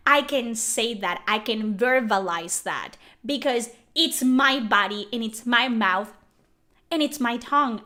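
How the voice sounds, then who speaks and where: A young woman ranting furiously and profanely to camera, yelling at her critics. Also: high voice. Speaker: YouTuber. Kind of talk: angry rant to camera.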